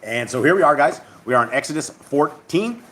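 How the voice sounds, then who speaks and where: A man's voice: a little high, expressive, fairly quick, fairly bright tone. A man hosting a casual livestreamed Bible study, reading scripture aloud and explaining it in a rambling, conversational way.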